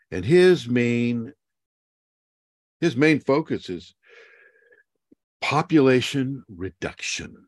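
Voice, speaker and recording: Heard on a clean studio track with no echo, this medium-pitched man is a spiritual teacher from the United States. He talks loosely on a video call, wandering from point to point with frequent chuckles and lively asides.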